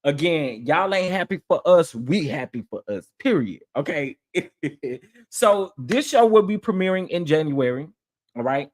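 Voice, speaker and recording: A man hosting a casual live stream, talking in a sassy, animated way and repeating phrases for emphasis. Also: fairly high pitch, unhurried. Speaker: livestream host.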